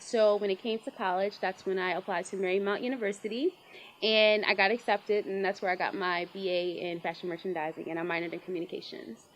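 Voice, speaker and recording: Twenties woman, chatty bubbly guest, mid pitch, faint noise behind. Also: fairly even intonation, a little fast, muffled recording. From Baltimore, Maryland. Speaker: pageant titleholder guest. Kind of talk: casual interview chat.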